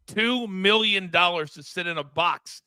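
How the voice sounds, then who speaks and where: A man hosting a sports betting talk show, lively and quick to laugh. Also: high-pitched, clear, resonant tone, dry recording, studio quality. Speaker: show host.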